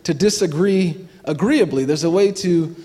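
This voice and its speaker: Give me a man giving a chatty church testimony with frequent laughs, a bit high-pitched, recorded in a hall with long reverb. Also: moderate pace, warm tone. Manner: conversational, laughing often, frequent restarts. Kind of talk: sermon testimony.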